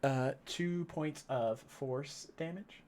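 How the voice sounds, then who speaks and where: A man's voice: on the high side, slow pace, a little mellow, a little hiss or hum. A man running a tabletop game as game master, narrating casually with lots of fillers. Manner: laid-back, filler-heavy narration.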